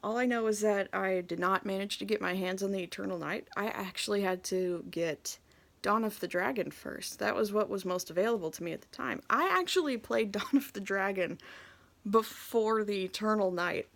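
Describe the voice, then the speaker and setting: A young adult woman telling a casual story about her gaming memories, laughing often and moving between hushed asides and excited bursts. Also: mid-range voice, normal speed, vocal fry. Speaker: video host.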